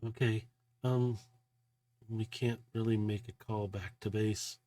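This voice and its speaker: A man's voice: lowish voice, little pitch movement, takes it slowly, warm tone, no echo. A man narrating a tabletop role-playing game as game master, in a loose, casual way full of filler words.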